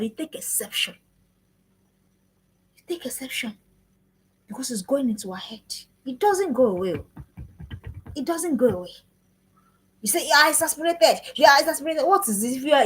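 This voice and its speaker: Parenting speaker, woman, 30s, high breathy voice, repetitive sermon-like emphasis. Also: poor audio. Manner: earnest, repetitive preaching cadence. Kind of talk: live-streamed parenting talk.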